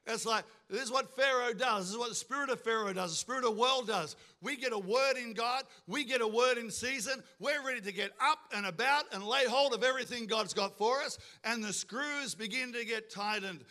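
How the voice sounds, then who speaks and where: High-pitched fervent male preacher. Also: moderate pace, bright, forceful tone. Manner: fervent preaching with call-and-response questions, acts out quoted voices. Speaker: pastor. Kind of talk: sermon.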